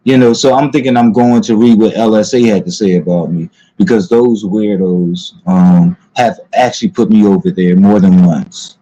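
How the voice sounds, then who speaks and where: A man talking casually to his viewers in a halting way, full of pauses and restarts. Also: fairly low pitch, steady tone, warm tone. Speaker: commentary channel host. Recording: dull lo-fi sound.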